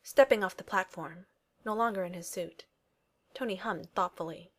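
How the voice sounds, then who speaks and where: A woman narrating a fan fiction story as an audiobook, in a steady, even reading voice. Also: fairly low pitch, normal speed.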